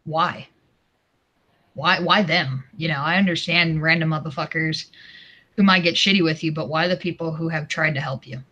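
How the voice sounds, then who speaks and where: A man on a livestream, airing a heated grievance in an aggrieved, profane way with halting restarts. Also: fairly high pitch, fairly even intonation, sharp tone, highs cut off. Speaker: guest co-streamer.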